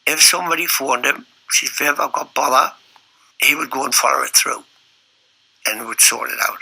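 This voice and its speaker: A man tells his stories in short, blunt sentences. His voice is gravelly and husky, with a sharp, piercing edge. He sits a little high for a man. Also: rough recording. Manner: blunt, matter-of-fact. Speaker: interviewee, former publican. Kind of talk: casual storytelling.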